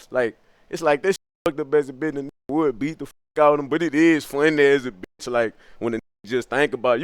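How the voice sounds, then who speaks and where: A young man riffing on stream, swearing freely and musing out loud in bursts. His voice sits a bit high and sounds smooth and clear. The sound is close and dry, with no room around it. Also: dry recording. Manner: profane, musing, animated. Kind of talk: rambling comic stream monologue.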